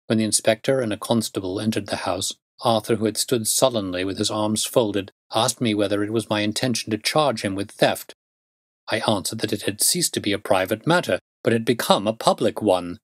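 A man reading a classic detective story aloud in a measured, steady narration. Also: on the low side, no room sound. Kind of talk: audiobook narration.

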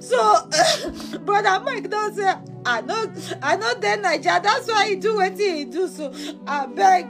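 A heartbroken young woman abroad wails in a piercingly high, wildly swooping voice, as a woman acts her out, her Nigerian accent thick as she begs. Her sobs tip into laughter. Music plays under the comic skit. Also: expressive, a little slow, exaggerated voice. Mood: wailing. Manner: wailing plea mixing sobs and laughter.

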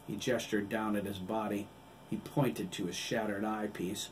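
Low-voiced man narrating an audiobook. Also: little pitch movement, measured pace, slight background noise. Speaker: author reading his novel.

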